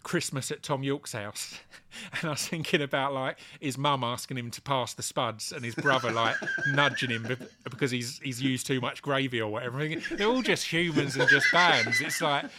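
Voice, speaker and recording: A man chatting casually as a podcast guest, relaxed and laughing easily. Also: medium pitch, moderate pace, very noisy. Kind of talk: casual chat.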